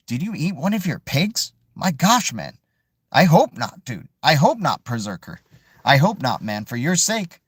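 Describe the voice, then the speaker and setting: A man's voice: mid-range voice, no room sound, clean studio sound. A man hosting a casual live chat stream, rambling and joking with viewers and calling them "dude" and "man". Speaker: crypto livestream host.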